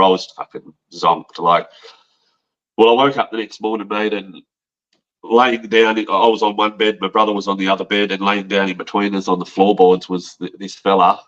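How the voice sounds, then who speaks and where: A very deep-voiced Australian man talks in a loose, rambling way, with plenty of swearing and a steady stream of mates. The recording is dull and lo-fi, like a basic podcast setup. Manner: rambling, frank, swears, says mate often. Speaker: podcast guest telling his story. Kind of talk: casual storytelling.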